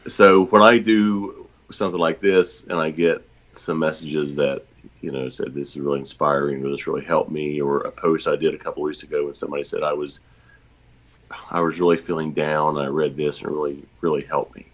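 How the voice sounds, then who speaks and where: A man chatting casually as a regular guest, talking in a halting, self-deprecating way. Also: rumbling low, level tone. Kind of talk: casual chat.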